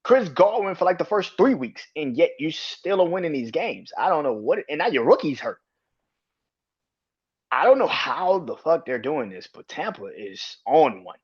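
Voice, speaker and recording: Profane, excitable man ranting about football. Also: a little high, moderate pace, husky. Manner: profane, animated, laughs often. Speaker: podcast host. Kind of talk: casual sports podcast rant. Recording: dull lo-fi sound.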